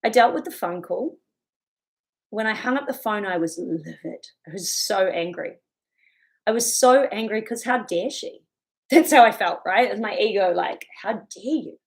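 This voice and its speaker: A woman's voice: medium pitch, animated, moderate pace, gravelly. A woman giving a chatty motivational talk, laughing often as she goes. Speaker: self-help speaker.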